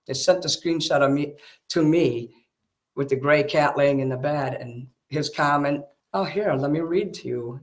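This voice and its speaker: Man, defensive and heated, frequent swearing, higher pitch. Casual chat. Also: unhurried. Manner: agitated, defensive, swears a lot. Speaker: streamer talking with a friend.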